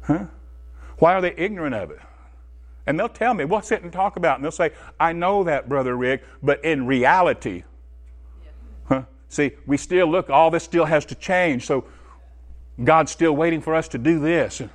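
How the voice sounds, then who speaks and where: A man preaching a sermon, animated, swinging from loud high bursts to low quiet asides, talking straight to his congregation. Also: normal speed.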